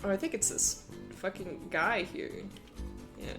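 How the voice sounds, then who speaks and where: A woman's voice: mid-range voice, a little slow, over music. A woman chatting casually with viewers on a live stream, playful and giggly.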